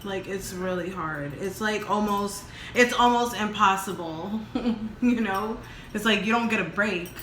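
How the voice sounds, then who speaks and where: A woman co-hosting a casual mukbang vlog, talking openly and emotionally in halting restarts. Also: mid-range voice, fairly bright tone, slight background noise. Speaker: vlog co-host. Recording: echoey room.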